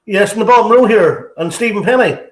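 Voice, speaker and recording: Northern Irish male interviewer, high voice, rambling chatty questions, roomy echo. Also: brisk. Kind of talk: casual interview chat.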